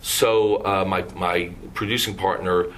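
A man, a composer and producer, telling lively anecdotes as an interview guest and acting out the people he quotes. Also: deep voice, unhurried, slight background noise. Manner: animated anecdotes, acts out quoted voices.

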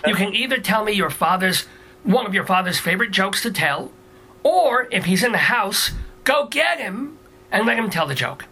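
A man hosting a radio interview, joking and jumping in with quick questions. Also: high voice, lively intonation, sharp tone, husky. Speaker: radio host.

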